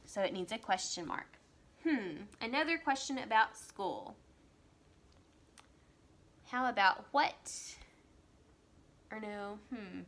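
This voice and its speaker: A woman teacher giving a writing lesson to young children, reading example sentences slowly and with exaggerated emphasis. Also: mid-range voice, expressive, a bit bright. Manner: slow, exaggerated read-aloud of example sentences.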